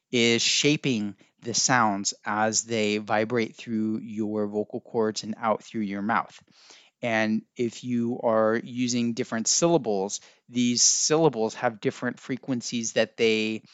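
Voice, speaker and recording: The slow-paced host has a mid-range, steady, slightly bright voice, and the audio is smooth with no echo. His casual podcast talk meanders as he muses aloud and stops to look things up.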